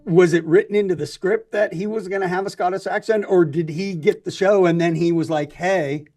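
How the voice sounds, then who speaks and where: A man hosting a podcast in casual chat, excitable and joking, laughing often. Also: high-pitched, fairly quick. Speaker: podcast host.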